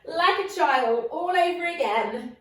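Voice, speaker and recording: High-voiced woman leading yoga, echoey room. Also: expressive, unhurried, distant mic. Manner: encouraging, playful, coaxing questions. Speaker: yoga instructor. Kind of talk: guided yoga class instruction.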